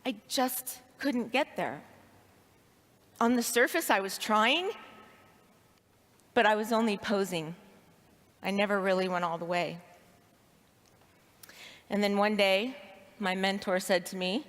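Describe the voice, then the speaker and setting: A woman's voice: medium pitch, takes it slowly, long pauses, a bit bright. A woman giving a personal story speech to an audience, expressively acting out her inner voice. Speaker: speaker at a leadership training event. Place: large hall with audience. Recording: reverberant hall sound.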